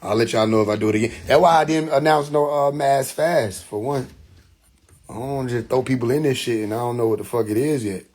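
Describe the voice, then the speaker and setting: A man with a medium-pitched, slightly mellow voice speaks briskly as he hosts a live social media stream from his phone. He tells a story in loose slang, laughing often, in a casual monologue.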